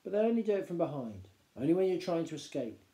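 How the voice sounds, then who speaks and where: A man voicing a mischievous, lively father who tells stories in an animated, conspiratorial way, reading a storybook aloud. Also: on the high side, quick pace, reverberant, voice pushed up. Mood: matter-of-fact.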